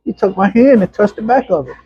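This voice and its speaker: A middle-aged man, an interview guest telling personal stories in a casual, animated way and acting out other people's voices. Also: high-pitched, fast, creaky, breathy edge. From Arkansas, USA. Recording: dull, muffled lo-fi sound.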